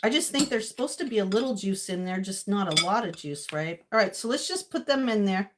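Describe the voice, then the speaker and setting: Woman, home cook, rambling self-talk, frequent laughter, medium pitch, clinking dishes behind. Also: animated, fairly quick, slight background noise. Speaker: cooking vlogger. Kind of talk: casual kitchen chatter to viewers. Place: home kitchen. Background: clinking dishes and cutlery.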